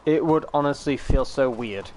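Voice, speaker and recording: A man's voice: mid-range voice, normal speed, a little mellow, slight background noise, poor audio. A British man from the UK chatting casually on a live stream, rambling, swearing and laughing easily.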